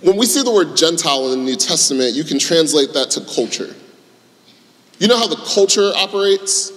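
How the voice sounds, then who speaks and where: A male pastor with a fairly high voice, preaching in a relaxed, conversational storytelling way. Long reverb from a church auditorium hangs after his words. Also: a little fast. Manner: conversational storytelling, acting out quotes. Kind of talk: sermon.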